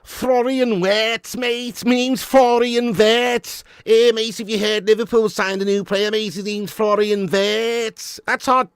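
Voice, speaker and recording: A high, mocking Scouse lad, as a man puts him on with a gravelly edge, dragging each word out with exaggerated vowels. Slow and overdone, a plain jokey impression. The sound is dry and close. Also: fairly even intonation, no room sound. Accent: Scouse put-on.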